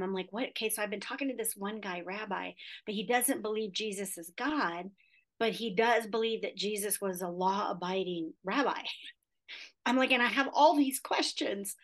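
A woman in her fifties, a guest in a casual interview, telling a story in a chatty way and acting out the quoted dialogue, with many fillers. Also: mid-range voice.

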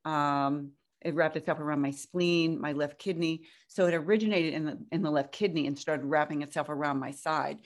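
A woman guest telling a personal story in a casual, animated way, jumping up high when she quotes herself. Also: normal speed, few pauses. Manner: animated, breaks into high-pitched quoted outbursts.

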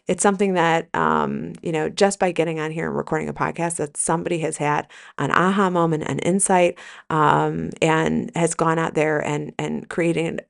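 Woman podcast host hyping up her listeners, lowish voice with lots of gravel, swears a bunch, keeps repeating herself for emphasis. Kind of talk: motivational podcast monologue.

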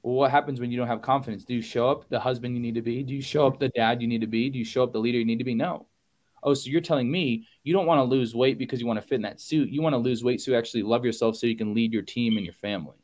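A man's voice: mid-range voice, fairly even intonation, very fast, a little mellow. A man coaching on goals in a motivational podcast talk, punchy and emphatic, repeating phrases for effect and casually calling listeners y'all. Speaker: business coach guest.

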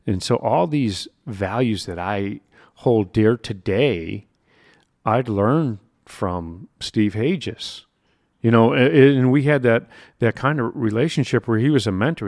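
A man with a fairly low voice hosts a motivational podcast. He tells a personal story conversationally, with asides and restarts. The sound is dry and close. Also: vocal fry, dry recording. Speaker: podcast host.

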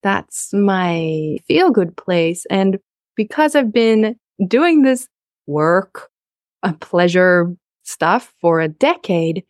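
A woman's voice: on the low side, sing-song, very slow, dry recording, clean studio sound. A young woman talking candidly and emphatically in a conversation, frank and outspoken. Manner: frank, emphatic, openly explicit.

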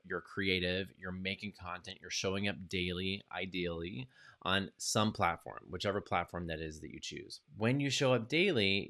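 A man hosting a solo podcast, speaking in an energetic coaching tone and acting out little quoted asides. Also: on the low side. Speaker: podcast host.

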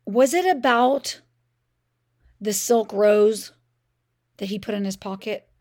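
A woman's voice: medium pitch, takes it slowly, a little mellow. A middle-aged woman hosting a parenting podcast, telling a personal story in a conversational way, often saying "I mean" and "like".

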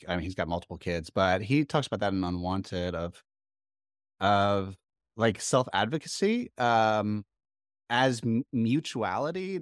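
A man's voice: lowish voice, clear, resonant tone, no echo, studio quality. A man in his thirties hosting a podcast, speaking thoughtfully and conversationally and asking probing questions. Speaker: podcast host. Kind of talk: casual podcast interview.

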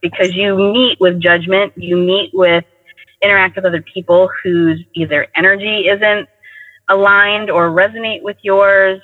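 A man telling personal stories in casual conversation, animated and acting out quoted dialogue. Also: sits high. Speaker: guest sharing personal stories. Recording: tinny phone line with long reverb.

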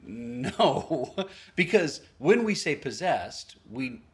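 A man's voice: mid-range voice, very animated, moderate pace. A man preaching a sermon, earnest and storytelling, acting out both sides of a conversation with small laughs at himself. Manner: storytelling, quoting others in varied voices; earnest, with self-deprecating laughs. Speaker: pastor.

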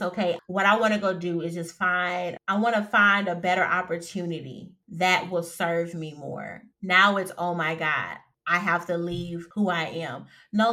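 Bright, lively woman podcast host. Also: medium pitch. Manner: animated, laughs often, says "right?" and "y'all". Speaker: career coach podcast host. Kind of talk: casual solo podcast talk.

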